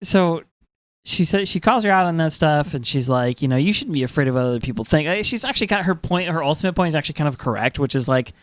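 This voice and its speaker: Excitable, filler-heavy podcast co-host. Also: mid-range voice, quick pace, no room sound. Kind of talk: casual chat recapping an episode.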